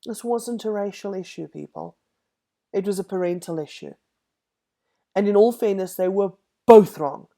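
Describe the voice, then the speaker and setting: A woman's voice: medium pitch, moderate pace, gravelly, pauses often, warm tone. A woman giving an emphatic, indignant opinion vlog, sarcastic at times. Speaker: vlogger.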